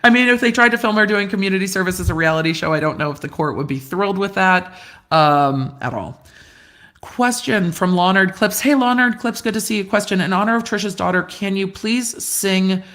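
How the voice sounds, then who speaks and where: A middle-aged woman lawyer hosting a casual live Q&A, reading viewer comments aloud in a chatty way with quick asides and easy laughs, speaking from a rented room. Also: medium pitch, fairly bright tone. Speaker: lawyer and livestream host. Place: rented room indoors, glass cabinets behind her.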